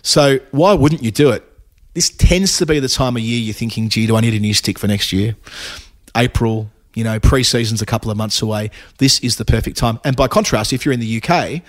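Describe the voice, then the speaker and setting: Man, middle-aged, podcast host, chatty, rambling, mid-pitched. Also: brisk. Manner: rambling, chatty, self-aware asides. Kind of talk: casual podcast chat with ad reads.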